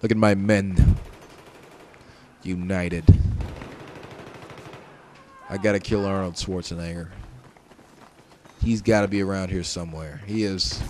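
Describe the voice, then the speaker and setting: A man giving casual gameplay commentary, joking and trash talking, swinging between shouts and mutters. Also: sits low, a little slow, long pauses, a little hiss or hum. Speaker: gaming commentator. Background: game gunfire and explosions.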